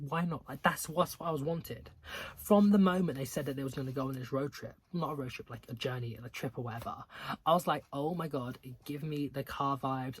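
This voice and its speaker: A man's voice: mid-range voice, husky. A young man reviewing books in a casual video, full of filler words and restarts, with exasperated, dramatic outbursts. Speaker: book reviewer.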